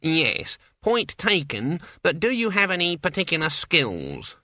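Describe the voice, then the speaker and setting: A man's voice: a little high, wildly swooping pitch, a little slow, sharp tone, dry recording, studio quality, pitched above the performer's own voice, heavily acted. A man voicing a prim, officious thin young clerk.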